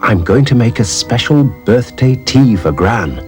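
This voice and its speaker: A man voicing a kind young mother, gentle and a little hesitant. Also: mid-range voice, animated, unhurried, faint music behind, pitched above the performer's own voice, natural voice.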